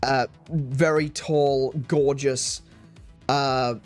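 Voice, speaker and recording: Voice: mid-range voice, fairly even intonation, extremely slow, a little mellow, faint music behind. A stream host chatting casually, often restarting sentences and laughing.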